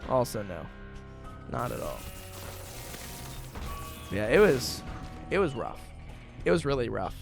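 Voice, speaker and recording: Young male gaming host; rambling casual commentary, very animated pitch. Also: slow, creaky, long pauses, over music. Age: 20s. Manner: rambling storytelling with many fillers. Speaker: gaming YouTuber. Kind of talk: casual let's-play commentary.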